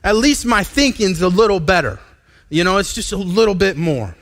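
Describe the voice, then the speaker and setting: A man in his thirties, a pastor, preaching a candid personal testimony in a live church sermon, halting and restarting as he talks. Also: high-pitched, big pitch swings, a bit bright. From United States. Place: church sanctuary.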